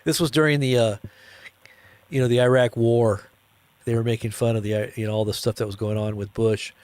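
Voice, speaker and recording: A man's voice: medium pitch, level tone, brisk, darkish tone, smooth, dry recording. A tired man hosting a live news commentary stream, rambling and joking with viewers. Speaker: host.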